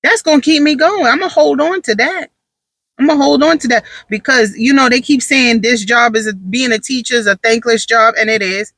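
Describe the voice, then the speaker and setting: A tired mother in casual storytelling, talking in an animated, sassy way and leaning on emphatic repeats. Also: fairly high pitch, normal speed, dry recording. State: tired, drained. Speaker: mother and vlogger.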